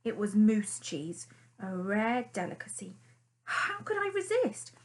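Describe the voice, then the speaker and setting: A woman's voice: medium pitch, very animated, a little slow. A woman reading an audiobook and voicing a proud, ungrateful male fox who talks in a haughty, cross way. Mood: self-reproaching. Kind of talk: audiobook character voice.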